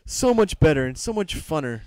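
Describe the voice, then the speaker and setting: A man's voice: a little high, sing-song, fairly quick, a little mellow, no room sound. A man co-hosting a comedy podcast, rambling with lots of fillers in crude casual banter. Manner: rambling, filler-heavy, jokey. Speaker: podcast co-host.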